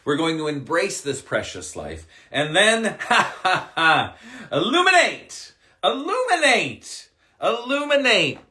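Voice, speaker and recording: A man's voice: a little high, wildly swooping pitch, unhurried, few pauses, sharp tone. A man doing a live-stream card reading as a spiritual coach, upbeat and emphatic, with casual swearing.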